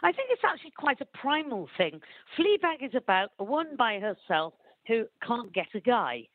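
A woman from Wales, giving animated, opinionated commentary and laughing often, heard down a phone line. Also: on the high side, normal speed, no room sound. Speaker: guest commentator. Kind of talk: chatty phone interview.

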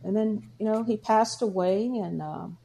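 A woman's voice: mid-range voice, a little slow, gravelly, warm tone. An older woman from Georgia, a church deacon, telling her story in a conversational interview with many fillers. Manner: storytelling, acts out quoted dialogue, frequent fillers.

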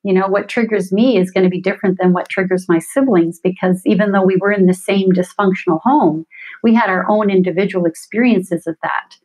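A woman's voice: mid-range voice, fairly even intonation, a little fast, darkish tone, rough recording. A middle-aged woman, a coach and podcast guest, explaining in an earnest, self-reflective way. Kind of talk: conversational interview.

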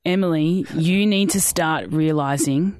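A woman's voice: sits low, a little slow, darkish tone, no room sound, studio quality. A woman putting on a blunt Irish friend. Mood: insistent. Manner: insistent, lecturing.

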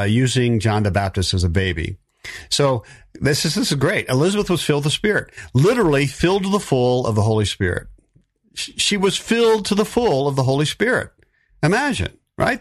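Animated man giving a dry podcast sermon. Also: mid-range voice, no echo. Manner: animated, emphatic, with frequent fillers and restarts. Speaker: podcast preacher. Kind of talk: sermon-style bible teaching.

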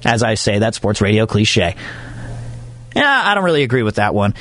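A man's voice: on the low side, very animated, normal speed, fairly bright tone, no room sound. A man hosting a sports radio show, talking through listener comments in a chatty, rambling way with frequent restarts. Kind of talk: sports talk show monologue.

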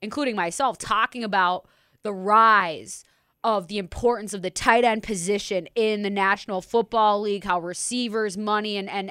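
A woman co-hosting a sports talk show in a chatty, animated manner who laughs often. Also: medium pitch, clean tone, no room sound, clean studio sound. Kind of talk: casual sports talk chat.

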